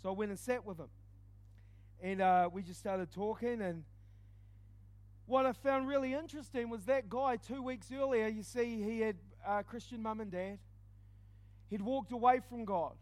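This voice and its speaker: High-pitched guy preaching his testimony, lively storyteller, drops quiet for asides. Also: no room sound. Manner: animated storytelling with quick dips into quiet asides. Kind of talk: testimony sermon.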